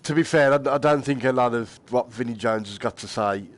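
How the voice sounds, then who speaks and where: A man's voice: mid-range voice, a little fast. Chatty man streaming a game. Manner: chatty, laughs often, swears casually. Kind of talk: casual live-stream chat.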